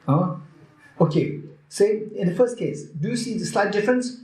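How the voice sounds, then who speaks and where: A man's voice: high voice, lively intonation, normal speed, mellow. Man teaching, echoey room. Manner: repeats phrases, quizzes and teases the audience. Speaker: Buddhist teacher. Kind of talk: retreat teaching, questioning students. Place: retreat teaching hall.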